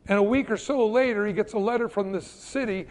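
A middle-aged man preaching a sermon as pastor, telling stories with lively restarts. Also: high-pitched, brisk. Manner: animated storytelling with repeated restarts. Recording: long hall reverb.

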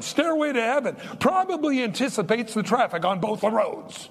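An older man preaching a sermon in a folksy, animated way, joking between his points. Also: extremely high pitch, moderate pace, faint music behind. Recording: long hall reverb.

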